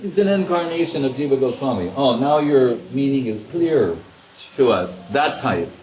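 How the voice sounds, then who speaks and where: A man's voice: mid-range voice, moderate pace, a little hiss or hum. A man giving a casual spiritual talk, telling stories animatedly and acting out what people said. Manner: animated storyteller, acts out quoted dialogue, chuckles. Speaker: spiritual teacher. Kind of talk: casual storytelling discourse. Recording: roomy echo with faint ambience.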